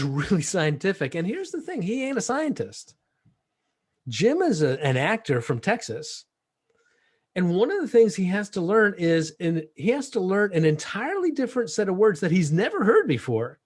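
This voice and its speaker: A man presenting a live workshop, speaking emphatically and addressing the audience directly. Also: a little high. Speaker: sales trainer.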